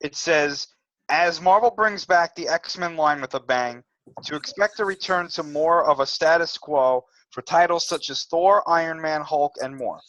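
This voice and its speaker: A man co-hosting a casual podcast, talking things through in a measured way with frequent fillers and reading from an article. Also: on the high side, fairly bright tone, no echo, lo-fi sound. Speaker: podcast co-host. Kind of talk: casual chat.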